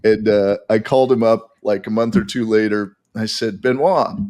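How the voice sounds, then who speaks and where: A man telling animated, rambling stories as a guest in a casual podcast chat. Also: fairly low pitch, moderate pace. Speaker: golf equipment testing guest.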